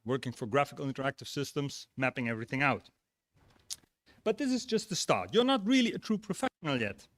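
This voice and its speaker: A man giving a relaxed graduation speech and telling jokes and a story. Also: mid-range voice, brisk, no echo. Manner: relaxed, tells jokes and stories. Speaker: graduation speaker. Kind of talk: ceremonial speech.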